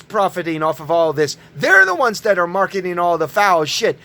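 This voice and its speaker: A man giving an angry, profane religious rant, yelling at his listeners. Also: high voice, big pitch swings, moderate pace. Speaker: online preacher.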